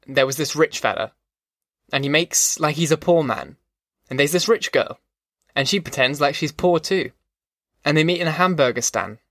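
A man's voice: a little high, lively intonation, moderate pace, fairly bright tone, dry recording, clean studio sound. A man voicing a folksy male migrant who eagerly retells a movie plot in plain talk. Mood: chatty.

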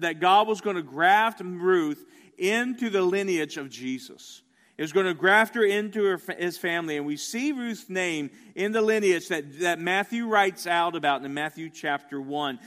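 A man preaching a sermon with a fairly high voice. He builds emphasis and repeats words as he presses each point. His voice rings with the long reverb of a large hall. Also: fairly bright tone. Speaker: pastor.

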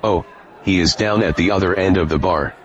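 A man gives voice to a friendly robot bartender, relaxed and unhurried. The voice sits very low, and a faint murmur of a crowd hangs behind the dull lo-fi sound. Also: lightly acted. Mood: easygoing. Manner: relaxed, friendly bar talk. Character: laid-back male robot bartender.

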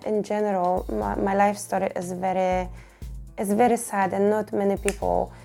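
A woman hosts her own podcast and speaks candidly and emotionally about her life. Her voice is mellow and gravelly, with frequent restarts and repeated words. Soft music plays faintly behind her. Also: mid-range voice. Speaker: podcast host and fitness coach. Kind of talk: personal podcast monologue.

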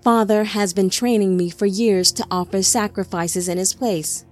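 A woman's voice: mid-range voice, steady tone, moderate pace, close to an everyday voice. A woman reading the part of a devout young man who argues earnestly with his brother, faint music behind.

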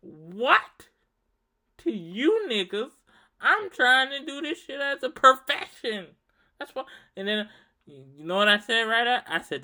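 A young man in his twenties from Louisiana, hosting a solo podcast and telling a story in a heated, profane, animated rant. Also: extremely high pitch, unhurried. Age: 20s. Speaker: podcast host. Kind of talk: ranting solo monologue.

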